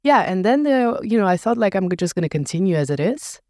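A woman, a podcast founder interviewed on her own show, telling her story in a relaxed, reflective way with frequent "like" fillers. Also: mid-range voice, a little fast, dry recording, clean studio sound. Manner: reflective storyteller, fills speech with "like". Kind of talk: casual conversational interview.

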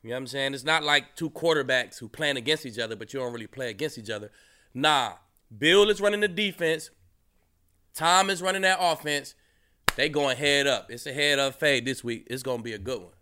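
A man who co-hosts a sports podcast and once played the game, talking in a relaxed, conversational way. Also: medium pitch, fairly quick. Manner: relaxed, conversational, asks "you know what I'm saying". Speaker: co-host, former player. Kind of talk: casual sports talk.

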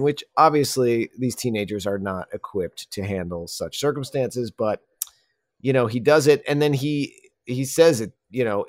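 Animated young man co-hosting a podcast. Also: medium pitch, normal speed, no room sound, studio quality. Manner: animated, bursts into loud mock-tough voices. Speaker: podcast co-host. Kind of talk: casual chat.

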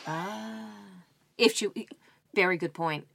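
Excitable woman podcast co-host. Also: on the low side, gravelly, no room sound. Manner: excitable, playful, quick to gasp and joke. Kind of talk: casual conversational chat.

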